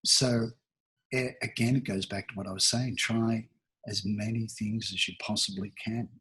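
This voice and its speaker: Man, 60s, from Australia, airy and breathy voice, reflective interview guest. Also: fairly low pitch, fairly even intonation, moderate pace, pushed and bright. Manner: thoughtful, rambling, many restarts and fillers. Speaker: talent agency founder, guest.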